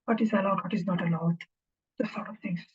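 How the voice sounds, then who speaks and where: A woman giving an informal recorded lecture as instructor, speaking haltingly and thinking aloud, often checking in with a questioning "right?". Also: on the low side, steady tone, darkish tone, breathy edge. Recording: dull lo-fi recording.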